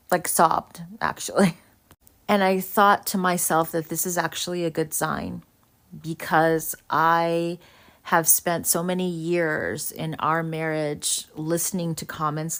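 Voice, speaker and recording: A woman speaking in a halting, reflective way, with many fillers, about her marriage. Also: low-pitched, poor audio. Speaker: TikTok poster. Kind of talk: casual confessional talk.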